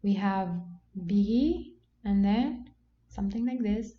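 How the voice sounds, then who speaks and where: A woman teaching a Quran reading lesson, patient and explanatory, who often says okay and slows down to model words. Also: mid-range voice. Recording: dull lo-fi sound with faint background noise.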